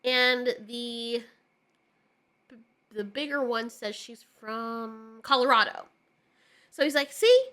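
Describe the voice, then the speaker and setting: A woman's voice: on the high side, expressive, slow, pauses often, a bit bright. A woman giving a ranting casual film review, exasperated and sarcastic, swearing often. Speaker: movie reviewer.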